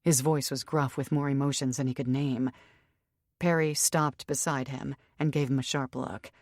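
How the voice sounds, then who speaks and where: A woman narrating an audiobook with even, steady storytelling on a close studio mic. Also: extremely low pitch, moderate pace, dry recording. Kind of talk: scripted narration.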